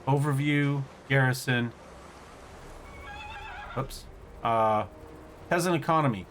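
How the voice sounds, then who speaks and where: A man's voice: mid-range voice, slow, a bit bright, slight background noise. A man hosting a casual let's-play, thinking aloud as he plays and often stumbling over words. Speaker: gaming channel host.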